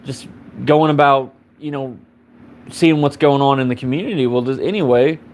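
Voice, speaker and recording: A man's voice: mid-range voice, moderate pace, a little mellow. A man on a live stream telling a story in a rambling, casual way, swearing freely and filling his sentences with "you know" and "like". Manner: rambling and profane, heavy on fillers.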